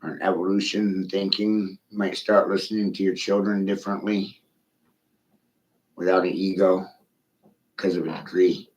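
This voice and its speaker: A man's voice: deep voice, flat delivery, moderate pace, pauses often, rough recording. A middle-aged man ranting profanely in a rambling livestream monologue, speaking straight to a viewer.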